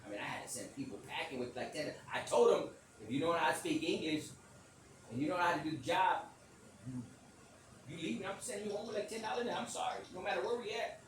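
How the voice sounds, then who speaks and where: A man who calls himself a psychic medium tells a rambling personal story. He talks loudly and acts out what people said, often laughing. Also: on the high side, fast, background noise. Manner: animated, loud, acts out quotes and laughs often. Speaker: self-described psychic medium telling a story. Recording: echoey, distant mic with faint ambience.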